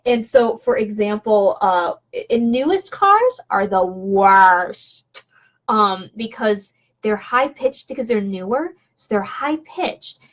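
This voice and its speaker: A woman's voice: mid-range voice, animated, takes it slowly. Woman streamer, casual and rambly, chatting from home over a slightly dull webcam mic. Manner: rambling, many fillers and restarts, chatty asides. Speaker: vlogger doing a live stream. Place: home room.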